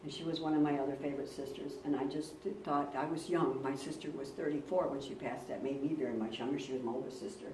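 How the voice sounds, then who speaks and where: This woman pastor has a deep, mellow voice and talks fast with few pauses and fairly even intonation, her sermon carrying a little hiss or hum. Heard from a distance in a roomy church, she shares personal stories earnestly, repeating words for emphasis.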